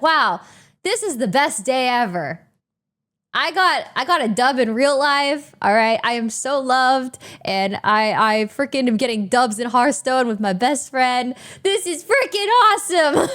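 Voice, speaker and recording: A woman livestreamer chatting casually with her viewers in an animated, emotional, talkative way. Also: on the high side. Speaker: livestreamer reading chat. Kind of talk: casual stream chat.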